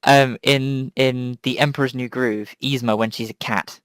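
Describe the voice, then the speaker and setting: A woman's voice: extremely low pitch, steady tone, moderate pace, no room sound. A woman co-hosting a podcast in casual chat, giggly and playful with dry remarks. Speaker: podcast co-host.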